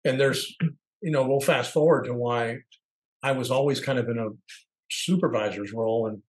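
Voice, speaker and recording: Middle-aged man, podcast co-host, candid, reflective, searching for words, mid-pitched voice. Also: normal speed, low-quality recording.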